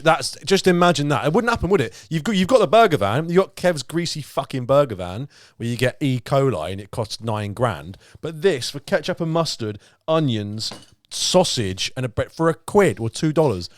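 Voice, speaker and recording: A man's voice: mid-range voice, very animated, moderate pace, no room sound, clean studio sound. A young man, a podcast guest chatting enthusiastically with plenty of swearing. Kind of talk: casual chat.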